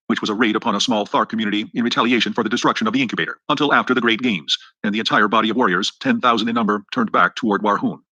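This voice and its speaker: A man reading an adventure novel aloud as an audiobook narrator, with brisk, even storytelling. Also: medium pitch, slightly rough, no echo, low-quality recording. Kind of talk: scripted narration.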